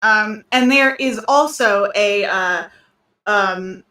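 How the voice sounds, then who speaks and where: A woman's voice: mid-range voice, slow pace, bright, forceful tone, distant mic. A woman co-hosting a casual podcast chat, rambling with many ums and restarts. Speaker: podcast co-host. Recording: roomy sound, voice off-mic.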